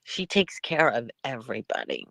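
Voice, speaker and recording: A woman's voice: rumbling low, wildly swooping pitch, normal speed, gravelly, fairly bright tone, no echo. A middle-aged woman hosting a live stream in casual chat, rambling from one thing to the next and laughing often.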